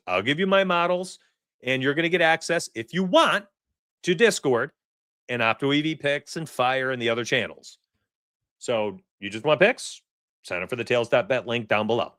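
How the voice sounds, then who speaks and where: Brief: forties male stream host, chatty and excitable, dry close sound. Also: fairly high pitch, no echo. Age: 40s. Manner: excitable, chatty, laughs often. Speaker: sports betting livestream host. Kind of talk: casual livestream chat.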